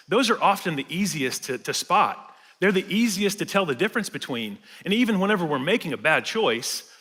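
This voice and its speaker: A man with a high, bright voice gives a sermon, chatty and loose, full of little fillers and jokes. His voice rings out through a large church hall with a long reverb tail. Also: breathy edge. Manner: casual, conversational preaching with fillers and humor. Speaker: pastor.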